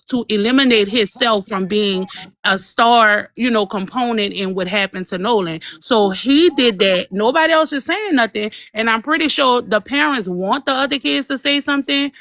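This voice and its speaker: A woman's voice: a little high, fairly bright tone. A woman on a live stream giving emphatic casual commentary, repeating her points for force.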